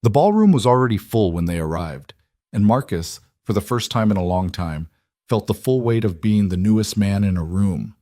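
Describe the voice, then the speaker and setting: A man reads a scripted story in a steady, even manner. His voice sits low. The recording is dry and close, with no room sound. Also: normal speed, no room sound. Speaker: narrator.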